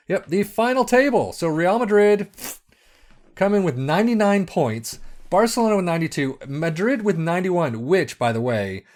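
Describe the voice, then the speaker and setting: A man with a slightly high voice gives excitable, exasperated let's-play commentary on a football management game. He's a video game streamer who swears and talks to himself as the match unfolds.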